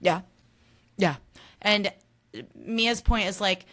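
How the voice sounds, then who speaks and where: A woman's voice: mid-range voice, steady tone, slow pace, pauses often, pushed and bright. A young woman hosting a podcast, recapping reality TV in a chatty, sarcastic way, swearing freely and acting out quotes. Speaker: podcast host.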